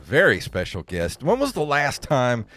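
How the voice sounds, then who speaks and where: A man's voice: medium pitch, wildly swooping pitch, moderate pace, a bit bright. A man hosting a retro gaming podcast, joking and laughing often in casual chat. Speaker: podcast host.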